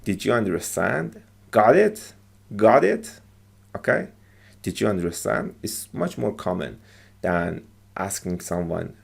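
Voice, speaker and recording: A man's voice: on the low side, animated, slow pace, vocal fry, long pauses, slightly rough. A man teaching English by explaining short movie lines, patiently repeating phrases and checking with "okay?".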